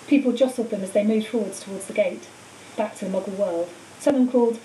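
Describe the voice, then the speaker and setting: A woman teacher reading a storybook aloud in a clear, steady way. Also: a little high, quick pace. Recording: echoey room, far mic, faint hiss.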